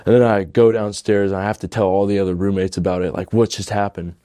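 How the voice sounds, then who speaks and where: A man's voice: fairly low pitch, flat delivery, quick pace, mellow, dry recording, studio quality. A young man telling his personal testimony in a casual, rambling way, earnest and emotional, filling his speech with "like". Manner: rambling, fills with "like".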